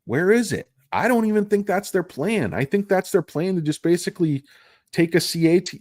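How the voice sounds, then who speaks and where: A man's voice: a little high, darkish tone, dry recording, studio quality. A man giving casual, rambling stock commentary, jokey and self-deprecating. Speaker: stock market vlogger.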